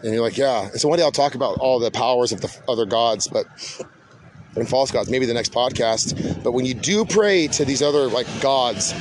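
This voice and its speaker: A man's voice: medium pitch, fairly quick, noisy background. A man hosting a podcast in a rambling, casual monologue, laid-back and swearing often, calling people "dude". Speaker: podcast host.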